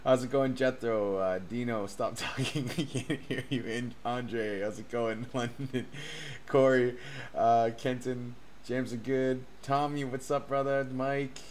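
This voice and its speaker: A man hosting a casual livestream as a cryptocurrency educator, excitable and chatty, laughing often and swearing casually. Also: mid-range voice, measured pace, slight background noise. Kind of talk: casual live-stream chat. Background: faint background music.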